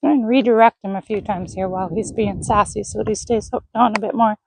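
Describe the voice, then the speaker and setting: A woman horse trainer talking through a training session, praising and coaxing the horse in a soft, encouraging voice. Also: medium pitch, steady tone, quick pace, vocal fry, a little hiss or hum, poor audio. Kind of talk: live commentary while training a horse.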